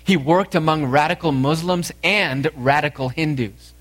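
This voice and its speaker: A man preaching a sermon, lively and animated, acting out the dialogue as he tells it. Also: a little high, moderate pace. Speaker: pastor.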